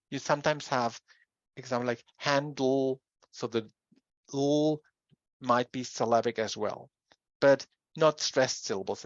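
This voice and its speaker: This lecture comes from a university lecturer, a native German speaker with a medium-pitched voice. The recording is dull and echo-free, and the explanations spell out individual sounds and examples.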